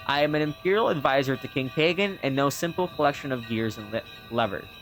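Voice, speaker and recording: Man reading as a grating iron automaton guardian, lofty and calm, in a game, with faint music under it. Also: quick pace, natural voice. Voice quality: grating rumble.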